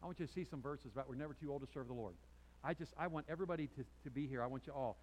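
Man preaching, fairly high voice, swings from loud emphatic peaks to quiet intensity, restarts and asides. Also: fast talker, low-quality recording. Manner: storytelling with restarts and self-deprecating asides. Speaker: pastor. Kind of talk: sermon. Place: church sanctuary before a congregation.

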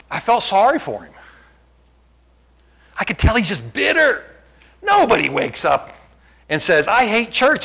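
A pastor in his fifties preaches a sermon with fervor and emphasis, his voice fairly high. He swings between loud climaxes and quiet prayer.

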